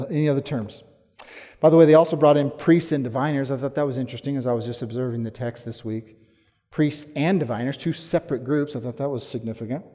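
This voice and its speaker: Emphatic male pastor in a reverberant hall. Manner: emphatic, rising to forceful challenges then dropping low. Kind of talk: sermon. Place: church sanctuary.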